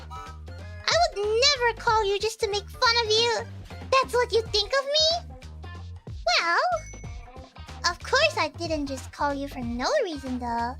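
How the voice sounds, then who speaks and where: A woman's voice: extremely high pitch, full character voice. A woman voicing a mischievous, bratty teenage schoolgirl who teases and whines in a giggly way. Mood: bubbly, then excited. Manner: teasing, whiny, giggly. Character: mischievous bratty teen schoolgirl, cheeky and carefree. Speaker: streamer reading game dialogue. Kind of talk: voicing game story dialogue. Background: background music.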